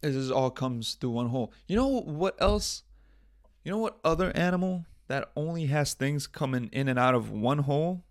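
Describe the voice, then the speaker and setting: A man with a higher voice and lively intonation hosts a solo podcast at a moderate pace. He's rambling and jokey, swears often, and talks to himself, in studio-quality audio without room sound.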